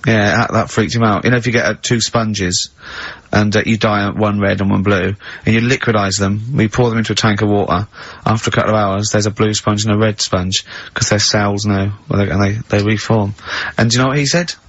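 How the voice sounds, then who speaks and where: A man hosting a radio show in a studio, telling rambling anecdotes and breaking into high-pitched laughter. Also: fairly even intonation, fairly quick, fairly bright tone, no room sound. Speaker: radio host. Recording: slightly muffled radio broadcast.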